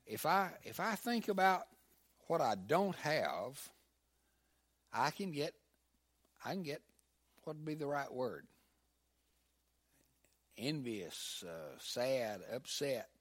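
An older man preaching a sermon as pastor, animated, swinging between loud emphasis and hushed asides. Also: medium pitch, slow pace, long pauses.

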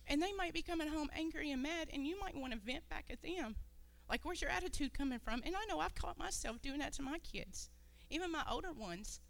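A woman's voice: high-pitched, animated, fairly quick, vocal fry, hardly any pauses. A woman giving an earnest, rambling talk to a church congregation, sometimes losing her train of thought.

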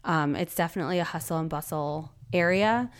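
A woman with a slightly low voice hosts her own podcast while fighting off a cough, so her voice sounds strained and worn. She rambles in a friendly, chatty way and bursts into exclamations when something bothers her. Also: brisk, clean tone. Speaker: podcast host and photographer. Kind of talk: casual solo podcast talk.

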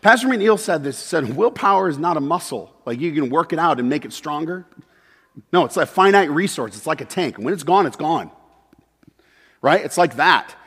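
A man preaching a sermon as pastor, moving between loud emphatic peaks and quiet, confessional asides. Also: on the high side, animated, moderate pace, breathy edge. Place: church sanctuary. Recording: long hall reverb.

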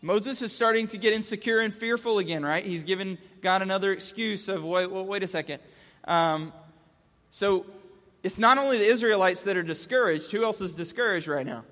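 A man's voice: high voice, a little fast, fairly bright tone, long reverb tail. A man giving a conversational Bible teaching, casual, asking rhetorical questions and restating verses in plain words.

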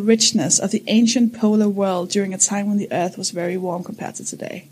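A woman's voice: mid-range voice, fairly even intonation, fairly quick, few pauses, darkish tone, a little hiss or hum. A woman in her thirties co-hosting a casual chat podcast, rambling and giggling as she explains things. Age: 30s. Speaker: podcast co-host.

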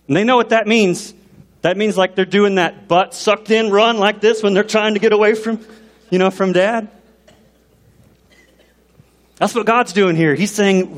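An animated man preaching from a pulpit in a fairly high voice. He questions his congregation directly, and a long echo trails each phrase through the church hall. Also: moderate pace. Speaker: pastor. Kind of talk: sermon. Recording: long reverb in a large hall.

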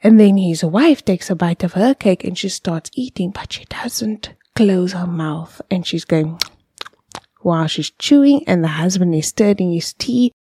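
A woman's voice: on the low side, measured pace, mellow, breathy edge, no echo, clean studio sound. A woman, hosting a podcast and explaining things step by step with vivid examples, sometimes dropping to a whisper. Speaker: podcast host.

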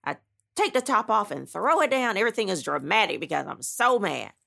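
A woman with a deeply gravelly, fry-heavy voice tells her own story as an author. She is blunt and emphatic, dramatizing each step with frequent asides. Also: sing-song, a little fast, bright, forceful tone. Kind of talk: animated personal storytelling.

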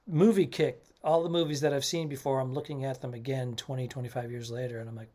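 A man's voice: mid-range voice, steady tone, quick pace, few pauses, warm tone. A man co-hosting a comedy podcast over a video call, playful and self-mocking. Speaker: podcast co-host. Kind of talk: casual comedy podcast banter.

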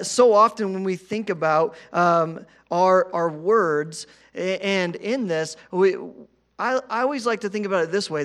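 High-voiced conversational male pastor. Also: a bit bright. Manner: conversational, repeats words, asks "right?". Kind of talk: sermon.

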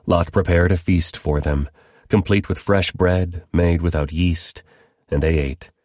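A man giving a steady, measured scripted reading of scripture as narrator. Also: low voice, dry recording, clean studio sound. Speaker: Bible reader.

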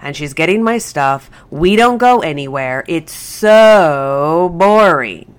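A woman voicing the thoughts of a bored, calm female pet dog in a chatty way. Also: sits low, slow pace, smooth.

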